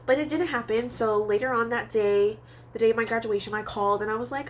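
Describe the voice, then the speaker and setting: A woman's voice: fairly even intonation, fast talker, slight background noise. A young woman vlogging a candid storytime, chatty with lots of fillers, nose a little stuffy from allergies. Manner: chatty and candid, many fillers, acts out quoted voices in a high pitch. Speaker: psychic tarot reader and vlogger. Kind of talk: casual storytime monologue. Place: Hawaii.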